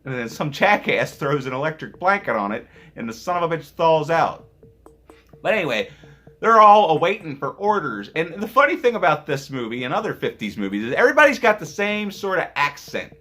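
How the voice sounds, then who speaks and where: A man's voice: a little high, very animated, a little fast, pushed and bright. A man casually reviewing an old movie on his vlog, rambling and joking with profane asides.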